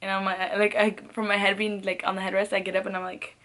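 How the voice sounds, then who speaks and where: Speaking quickly in a level, slightly bright medium-pitched voice, a young woman vlogger shares a casual storytime. It's a rambling, profane telling packed with "like" fillers and punctuated by laughter between phrases.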